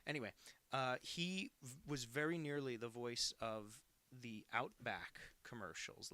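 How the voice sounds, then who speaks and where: A man's voice: mid-range voice, sharp tone, dry recording. An American man in his twenties, a cartoonist chatting casually on a live stream while drawing, rambling and self-deprecating. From United States.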